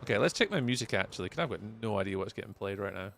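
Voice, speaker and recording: A man's voice: on the low side, expressive, very fast, creaky, fairly bright tone, soft background music. A man with a Scottish accent giving chatty live gameplay commentary as a streamer, answering viewers' chat messages aloud. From Scotland. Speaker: livestreamer.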